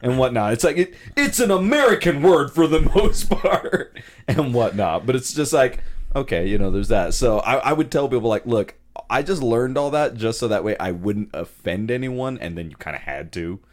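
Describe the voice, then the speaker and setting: Animated man, podcast co-host. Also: mid-range voice, moderate pace. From California. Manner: animated storyteller, lots of "and whatnot", acts out quotes. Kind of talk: casual chat.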